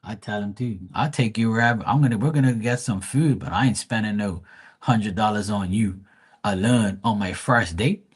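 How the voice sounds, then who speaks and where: A man's voice: on the low side, normal speed, breathy edge. A man hosting a live stream, telling rambling stories and ranting bluntly with a lot of swearing. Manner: profane, blunt, rambling storytelling. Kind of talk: casual ranting chat.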